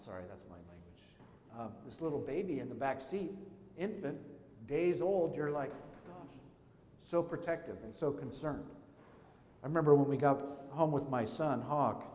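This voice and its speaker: A man's voice: medium pitch, darkish tone, slight background noise. A middle-aged man preaching a conversational sermon as pastor, telling stories and asking the congregation questions. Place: church sanctuary. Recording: echoey church hall with a long reverb.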